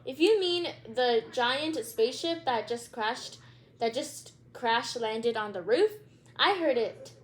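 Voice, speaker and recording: A woman's voice: a little high, expressive, takes it slowly. A woman voicing a dramatic young boy, the little brother, in a storybook read-aloud. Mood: matter-of-fact.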